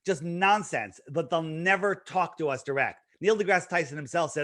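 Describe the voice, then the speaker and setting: A man's voice: on the high side, lively intonation, moderate pace, few pauses, fairly bright tone, no echo, studio quality. A man speaking as an interview guest, talking casually and emphatically, with lots of restarts and fillers. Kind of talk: casual promotional talk.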